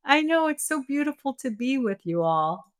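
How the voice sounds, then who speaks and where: A woman leading an online spiritual group session, gentle and affectionate, with many fillers. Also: high voice, sing-song, moderate pace, dry recording, clean studio sound.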